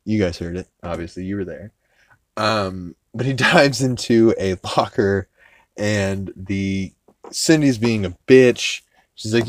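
A man with a low voice hosts a podcast, casually recapping an episode in a rambling, profane way, full of fillers and restarts. He speaks at a measured pace, and the recording has no echo.

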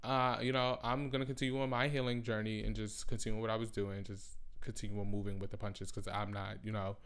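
A man's voice: lowish voice, flat delivery, a little fast, fairly bright tone, clear, resonant tone. A young man hosting a podcast, telling a personal story in a rambling, profane, slangy way that keeps circling back on itself. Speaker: podcast host. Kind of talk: casual storytelling monologue.

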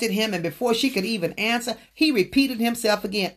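A woman's voice: a little high, a little fast, hardly any pauses. A woman earnestly telling a personal story from her own book, speaking straight to her listeners. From Southern United States.

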